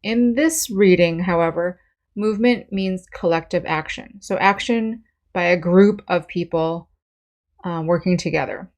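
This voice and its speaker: A woman's voice: lowish voice, measured pace, darkish tone. A woman English teacher giving a patient vocabulary lesson, explaining words step by step with examples.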